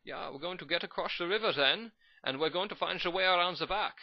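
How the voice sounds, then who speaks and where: A man's voice: high-pitched, quick pace, gravelly, voice pushed up. A man voicing a male Dutch soldier from a war game, with a clumsy put-on foreign accent. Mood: scheming. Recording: dull lo-fi recording.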